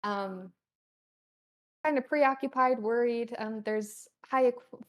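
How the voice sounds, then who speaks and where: A woman narrating a tabletop game as game master, describing scenes in a halting way with many pauses. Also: a little high.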